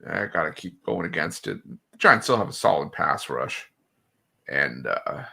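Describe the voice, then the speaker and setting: Deep gravelly man with a bright edge. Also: very animated, unhurried. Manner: hesitant, many fillers. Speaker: co-host. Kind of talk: casual sports betting chat.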